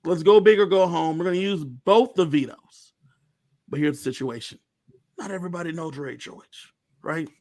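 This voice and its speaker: A man with a fairly high voice tells the story in lively, casual podcast chat. He jumps into the quotes of the people he describes. The sound is dry and close, with no room around it. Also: normal speed, no room sound. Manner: animated storytelling, acts out other people's quotes. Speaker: podcast co-host. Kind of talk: casual fan recap chat.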